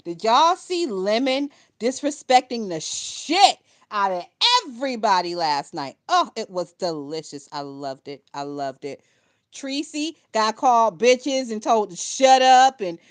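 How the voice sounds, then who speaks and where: A woman's voice: on the high side, sing-song, unhurried. Blunt, foul-mouthed young woman gossiping. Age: young adult. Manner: blunt, profane, laughing, talking to viewers. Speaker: livestream gossip commentator. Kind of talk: casual gossip commentary.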